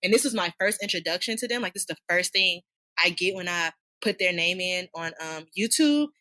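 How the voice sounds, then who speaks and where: A woman co-hosting a casual podcast chat, animated and slangy, laughing often. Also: lowish voice, fairly quick. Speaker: podcast co-host.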